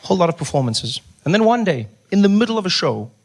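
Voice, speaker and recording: A South African man telling a stand-up story, who is animated and sometimes drops into a hushed voice for bits. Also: sits high, fast. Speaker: stand-up comedian.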